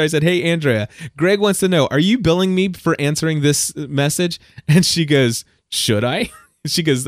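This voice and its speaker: A man's voice: on the high side, dry recording, clean studio sound. A man hosting a podcast alone, telling a story in a rambling, enthusiastic way with many restarts and repeated words. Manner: enthusiastic, animated when telling stories. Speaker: podcast host. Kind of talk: casual solo podcast monologue.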